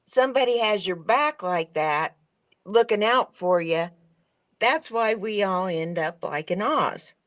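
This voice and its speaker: A woman's voice: mid-range voice, animated, a little slow, a bit bright. A woman in a casual live stream chat, earnestly explaining her view and often restarting her sentences.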